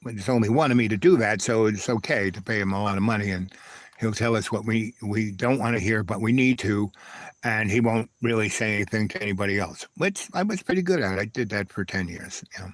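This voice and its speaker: A man's voice: lowish voice, brisk, no room sound. A man hosting a live stream, telling a loose, digressive personal story, peppered with "right?" and "anyway".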